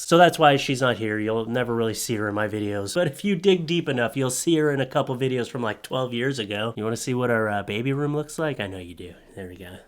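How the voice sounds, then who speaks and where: Excited man joking to his viewers. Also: mid-range voice. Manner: excited, joking, talks fast. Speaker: YouTuber. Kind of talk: casual vlog talk to camera.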